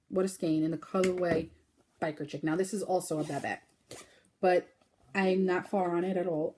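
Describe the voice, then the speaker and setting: Host, woman, lowish voice, chatty crafting podcast talk, faint hiss behind. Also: darkish tone. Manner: chatty, fast-talking, with fillers and sudden high baby-talk bursts. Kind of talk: casual crochet podcast chat.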